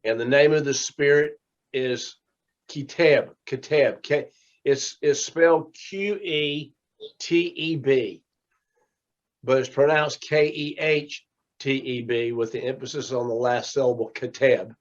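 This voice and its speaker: A man's voice: mid-range voice, a little slow. A man teaching a small class, talking in a rambling, conversational way as he tells stories. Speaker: teacher and minister. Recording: dull lo-fi recording.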